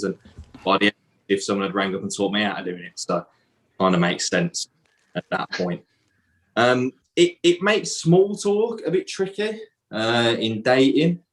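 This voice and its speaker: A man in his late twenties with a Birmingham accent, doing a stand-up set in a flat, deadpan, bleak-sounding voice. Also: fairly low pitch. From England. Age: late 20s. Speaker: stand-up comedian. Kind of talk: stand-up set on a video call.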